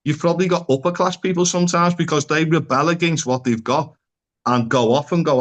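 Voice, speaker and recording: A man's voice: fairly high pitch, steady tone, fairly quick. A man who is a psychotherapist, talking as a podcast guest in an earnest, conversational way and often posing rhetorical questions.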